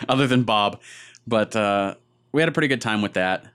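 A man's voice: lowish voice, lively intonation, moderate pace, a bit bright, smooth. A man co-hosting a casual gaming podcast, rambling through stories and acting out what other people said. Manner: rambling storyteller who acts out other people's lines. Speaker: podcast co-host.

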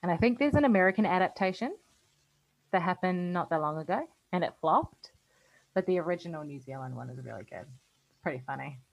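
A woman's voice: lowish voice, expressive, fairly quick, gravelly, lo-fi sound. An Australian woman in casual podcast chat, chatty and often laughing, trailing off mid-thought. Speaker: podcast co-host.

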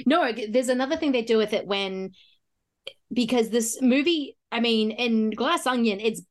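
A woman's voice: fairly high pitch, normal speed. Chatty woman podcast host. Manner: animated, laughs often, acts out quotes. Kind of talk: casual film chat.

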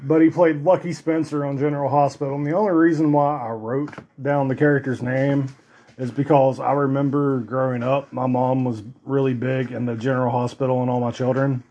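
A man's voice: medium pitch, level tone, brisk, warm tone, dull audio. A man hosting a podcast in casual chat, rambling and swearing now and then. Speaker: podcast host.

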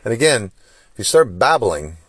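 A man's voice: mid-range voice, big pitch swings, normal speed, slightly rough, dry recording. A man hosting a solo podcast, talking through his frustration in a lecturing stream of rhetorical questions. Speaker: podcast host. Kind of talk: solo opinion monologue.

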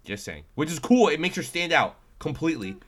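A man's voice: a little high, big pitch swings, brisk, fairly bright tone. A man co-hosting a casual chat show, talkative and playfully teasing. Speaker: podcast co-host.

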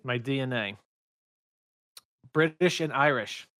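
A man's voice: medium pitch, takes it slowly, sharp tone, no echo. A man in a casual podcast chat who teases and cracks jokes. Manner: teasing, jokey.

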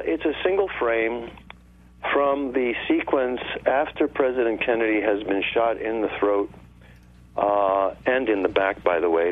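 A man talking on a radio show, explaining at length in an insistent way over a phone line. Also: on the low side. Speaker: guest. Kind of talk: radio call-in talk.

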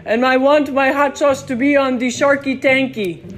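A woman's voice: high voice, steady tone, moderate pace, slight background noise, voice pushed up, lightly acted. Brief: eager, pleading hot sauce maker, put on by a woman host.

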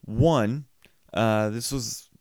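A man co-hosts a casual podcast and talks in a sly, teasing way, with a middle-pitched voice. The recording is dry and close, with no room echo. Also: drawn-out words, a little mellow. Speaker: podcast co-host. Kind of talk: casual chat.

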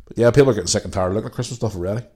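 A man's voice: lowish voice, rapid-fire, dark tone, breathy edge. A man, who has a cold, ranting casually and swearing freely as the solo host of his podcast. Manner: ranting, sweary, loose and rambling.

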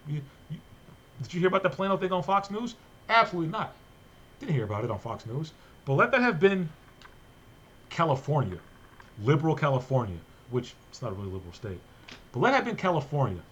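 A man's voice: on the high side, breathy edge, muffled recording. A man hosting a podcast in casual, joking chat, recorded remotely. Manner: fast, animated, joking. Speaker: podcast host.

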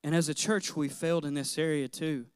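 A man's voice: fairly high pitch, steady tone, fairly quick, clear, resonant tone, no room sound, studio quality. A middle-aged man, a pastor, preaching a sermon in an earnest, personal way, telling childhood stories with light laughter.

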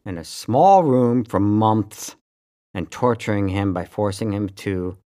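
A man's voice: lowish voice, takes it slowly, dark tone. A man co-hosting a casual podcast who rants sarcastically and swears freely. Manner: profane, sarcastic ranting. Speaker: podcast co-host. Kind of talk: casual chat.

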